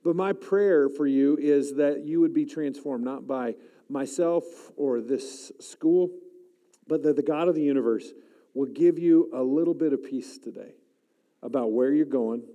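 A man in his forties preaching at a chapel service, swinging from loud, emphatic lines to a soft, hushed voice when he prays, and calling on the crowd to answer back. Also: mid-range voice, big-room sound. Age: 40s. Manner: animated, rising loud for emphasis, dropping soft to pray; calls out to the audience. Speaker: chapel speaker. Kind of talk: sermon.

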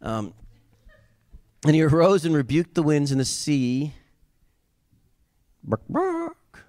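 Brief: male preacher, slightly high voice, animated sermon, dry close sound. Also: a little slow, no room sound. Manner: animated, swinging from soft asides to yelling. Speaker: pastor.

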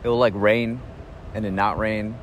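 A man's voice: lowish voice, normal speed, slight background noise. Laid-back man musing outdoors. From United States. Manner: relaxed and reflective, rambling with restarts and soft chuckles. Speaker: podcast host. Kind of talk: casual spoken travel diary.

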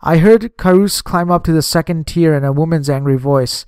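A man narrating a memoir in a measured, steady audiobook reading on a close microphone. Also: fairly high pitch, smooth, no echo.

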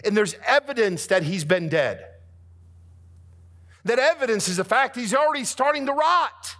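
A man preaching a sermon with dramatic swings between hushed, soft passages and booming, emphatic lines. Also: animated, moderate pace.

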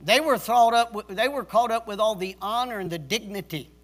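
A man's voice: high voice, fairly quick, a bit bright, soft background music. A male pastor preaching a sermon in a stern, emphatic way, repeating key words for stress like a drill sergeant. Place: church service.

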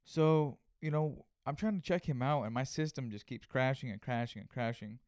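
Man, podcast host, casual storytelling, rambling with fillers, smooth voice, dry sound. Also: mid-range voice, normal speed, darkish tone, dry recording. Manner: rambling, filler-heavy, conversational.

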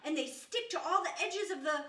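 A woman's voice: very high voice, a little fast, bright, forceful tone, far from the mic. An actress playing a nervous young apprentice who stumbles and hesitates over her words. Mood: flustered. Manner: hesitant, stumbling, many fillers. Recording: roomy stage heard from afar.

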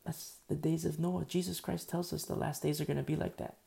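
A man's voice: a little high, flat delivery, a little fast, gravelly, mellow. A man preaching a sermon in a conversational, emphatic storytelling way.

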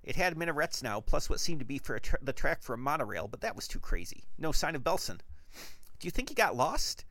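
A man telling an absurd comic story in the first person, with a wry, animated narration. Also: mid-range voice, fast talker, dry recording.

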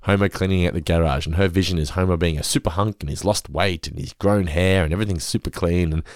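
Man, very low voice, casual podcast chat, dry close sound. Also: quick pace, no echo. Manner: laid-back, swears freely, laughs often. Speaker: podcast co-host.

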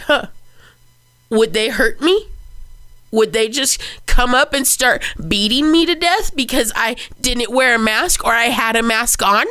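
A woman co-hosting a podcast in casual chat, her voice pitched on the higher side. She vents with heavy feeling and curses freely. The sound is close and dry, with no room echo. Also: sharp tone. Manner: upset, venting, swears freely. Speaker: podcast co-host.

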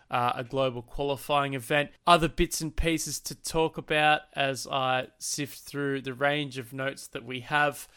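Man, podcast host, brisk news rundown, bright crisp voice. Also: medium pitch, fairly even intonation. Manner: brisk, running through notes.

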